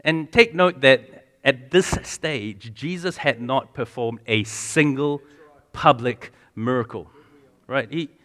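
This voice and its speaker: A man preaches a sermon conversationally in a medium-pitched, slow voice with a sharp tone and a big-room sound. He poses questions to the congregation and frequently restarts and repeats words.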